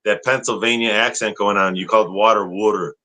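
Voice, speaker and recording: A man co-hosting a casual live horror-movie chat, enthusiastic and quick to laugh. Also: on the low side, fairly even intonation, bright, forceful tone, rough recording. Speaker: co-host.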